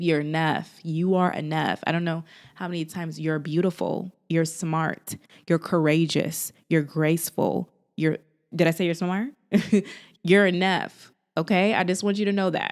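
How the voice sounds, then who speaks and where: Woman vlogger, low-ish voice, animated and sisterly, encouraging faith talk. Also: creaky. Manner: animated, sassy, sisterly, lots of laughs. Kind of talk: casual encouraging talk to camera.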